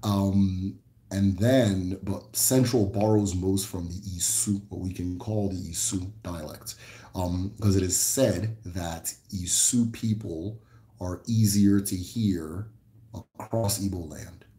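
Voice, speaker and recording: Low-voiced man in a roomy space. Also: takes it slowly. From American Midwest. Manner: relaxed, rambling, many fillers and restarts. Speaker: host answering viewer questions on a livestream. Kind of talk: casual livestream talk.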